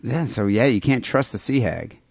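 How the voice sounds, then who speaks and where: A man co-hosting a podcast in casual chat, wry and joking with quick reactions. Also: mid-range voice, animated, gravelly, a little mellow, slightly rough, no echo, clean studio sound. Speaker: podcast co-host.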